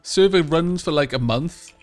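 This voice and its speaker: A man with a slightly high voice chats over a multiplayer game. He teases his friends and laughs easily, with faint music playing underneath. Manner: playful, teasing, quick to laugh. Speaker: let's play host. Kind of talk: casual multiplayer gaming chat.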